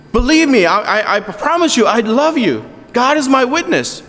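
Male pastor, earnest conversational sermon, high voice, hall reverb. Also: a bit bright. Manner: earnest, with asides and jokes to the congregation.

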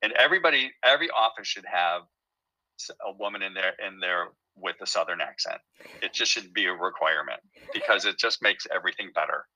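Low-voiced man, bright and rambling. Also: lively intonation, a little fast, no echo, poor audio. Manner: rambling, many fillers and restarts. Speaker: TV show creator and writer. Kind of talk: casual interview talk.

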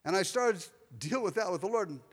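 Male pastor, higher voice, confessional storytelling sermon, long church reverb. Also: animated, fairly quick, husky. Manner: personal, confessional storytelling with asides to listeners. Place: church sanctuary.

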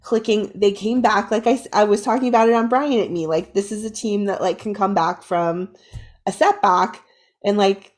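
A woman co-hosting a casual sports podcast, animated and full of "like" fillers, her voice a bit raspy from recent illness. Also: medium pitch, normal speed. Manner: animated fan, many "like" fillers. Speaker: podcast co-host. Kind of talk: casual chat.

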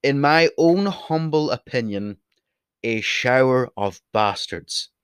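A man's voice: mid-range voice, animated, slow, clear, resonant tone, no room sound. Chatty Irish man, dry close sound. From Ireland. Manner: chatty, blunt, swears, wanders off topic. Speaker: vlogger. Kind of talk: casual rambling monologue. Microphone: desk mic, sometimes turns away from it.

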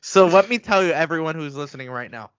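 A man co-hosting a casual sports podcast, excitable and quick to get heated as he rants. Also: fairly high pitch, no echo, lo-fi sound. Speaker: podcast co-host.

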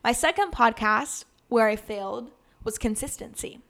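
An American woman in her twenties hosts her own casual solo podcast, speaking earnestly and chattily with plenty of "like" and restarts. Her voice is on the high side, creaky and fairly bright, at a moderate pace.

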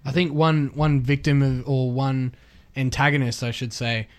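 A man co-hosting a casual sports podcast, sharing measured opinions. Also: medium pitch, flat delivery, clean tone. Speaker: podcast co-host.

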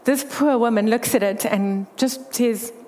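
A woman's voice: a little high, measured pace, a little mellow. A woman giving a candid faith testimony, telling her story earnestly. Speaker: speaker sharing a faith testimony. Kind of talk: personal testimony talk. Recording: long hall reverb.

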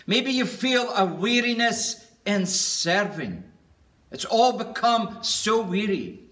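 A man preaching with a high, bright voice at an unhurried pace. He speaks earnestly and deliberately, lingering on each word as he builds a list. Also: very animated. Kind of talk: sermon.

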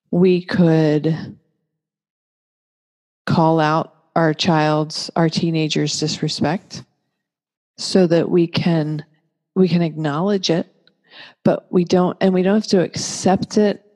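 A woman giving a calm, reflective teaching talk on parenting, speaking gently and patiently and working through examples step by step. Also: sits low. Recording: long reverberant room echo.

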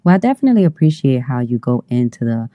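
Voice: mid-range voice, sing-song, quick pace, no room sound. An interview host who asks questions and agrees often in a casual, affirming way. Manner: warm affirming, frequent agreement. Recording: dull dry lo-fi sound.

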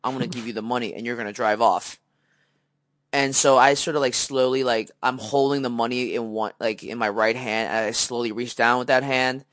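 A young man tells a story on a podcast with casual energy, putting on the voices of the people in it and filling the gaps with lots of "like" and "you know." His voice sits at a middle pitch and is recorded close and dry. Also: a little fast, no echo. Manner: animated storyteller, acts out quoted dialogue, many fillers. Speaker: podcast co-host.

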